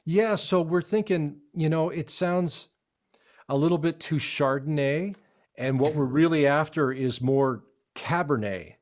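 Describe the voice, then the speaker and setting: Man doing a smirking composer, teasing, stifling laughter, a bit higher. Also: a little slow, lightly acted. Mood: sly. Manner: holding back a laugh.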